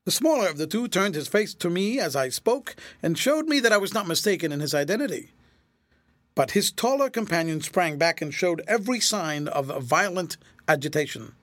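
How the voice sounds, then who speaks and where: A man narrating a classic novel in an expressive audiobook reading. His voice sits high and moves animatedly across its range, with a bright edge. The recording is dry and close. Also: normal speed, dry recording. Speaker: audiobook reader. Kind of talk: scripted narration.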